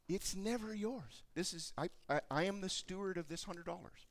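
A man preaching a sermon, telling stories in an animated way and acting out the voices of the people in them. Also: high voice, normal speed, hardly any pauses. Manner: animated storytelling, acts out voices. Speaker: pastor.

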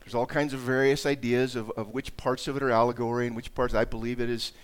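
A pastor preaches a conversational sermon at a fast clip, his medium-pitched voice mostly level. He often repeats and restarts words, and his voice rises dramatically whenever he reads scripture aloud.

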